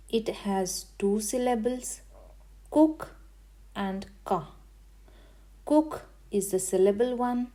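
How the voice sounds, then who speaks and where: Slow, careful woman teaching grammar. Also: medium pitch, dark tone. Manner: careful, syllable-by-syllable explaining. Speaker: language teacher. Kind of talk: slow, deliberate grammar lesson.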